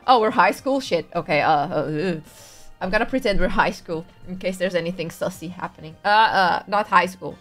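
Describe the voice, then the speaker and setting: A woman's voice: lowish voice, normal speed, fairly bright tone, faint music behind. A young woman streaming a visual novel, laughing often and reading lines aloud in a playful, casual way. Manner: giggly, frequent laughter, playful. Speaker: VTuber streamer. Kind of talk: casual game commentary, reading dialogue aloud.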